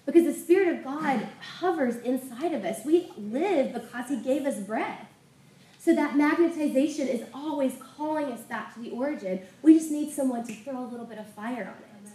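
A woman's voice: sits high, animated, moderate pace, warm tone. A woman preaching a sermon, telling a testimony story with passion. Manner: impassioned storytelling. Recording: roomy sound from a distant mic.

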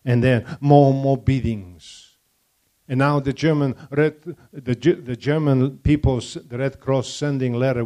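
A man's voice: medium pitch, fairly even intonation, measured pace, a little mellow. An older man from Poland with a Polish accent and broken English, giving a testimony to a church audience and stopping to put questions to the listeners.

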